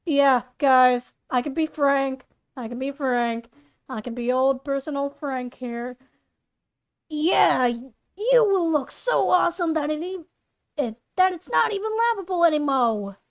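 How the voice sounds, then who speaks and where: A woman voicing a loud, goofy old man, shouting with high energy. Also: expressive, measured pace. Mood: hyped.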